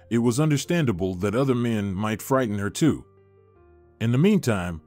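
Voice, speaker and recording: A man reading a story in scripted narration, with a steady, even delivery. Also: medium pitch. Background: soft background music.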